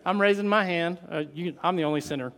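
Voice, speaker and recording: A man with a high voice preaches to his congregation. He drifts between casual, joking asides and bursts of fervent, excited emphasis. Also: fast talker. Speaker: pastor. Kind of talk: sermon.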